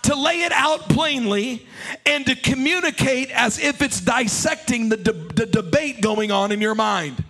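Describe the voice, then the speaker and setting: A man preaching a sermon as pastor, passionate and loud, leading the congregation in call-and-response. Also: very high voice, unhurried, soft background music.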